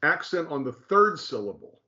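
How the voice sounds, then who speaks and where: A man's voice: fairly high pitch, big pitch swings, moderate pace, pushed and bright, muffled recording. A man teaching in a conversational way, emphatic and repetitive, often checking in with "okay?". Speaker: teacher explaining Hebrew.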